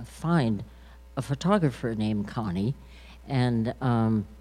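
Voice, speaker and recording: An older woman telling a personal story at an unhurried pace, with many pauses and fillers. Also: extremely low pitch, warm tone, long reverb tail. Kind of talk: storytelling on a talk stage.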